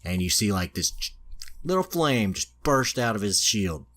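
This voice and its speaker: Deep-voiced male podcast host, casual and profane, recapping a story offhand. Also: very animated, moderate pace, a bit bright. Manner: loose, swearing, lots of filler. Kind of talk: casual chat, retelling an anime plot.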